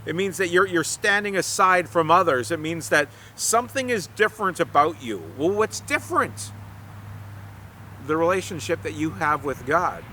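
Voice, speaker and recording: A man's voice: a little high, animated, moderate pace, bright, forceful tone, slight background noise. A middle-aged man giving a casual youth devotional in an earnest, conversational way, often restarting his sentences. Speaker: youth pastor.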